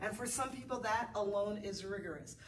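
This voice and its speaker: A woman's voice: mid-range voice, a little fast, recorded from a distance, a little hiss or hum. A woman yoga instructor guiding a beginner class, chatty and encouraging as she calls out breath cues. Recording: roomy, off-mic with faint ambience.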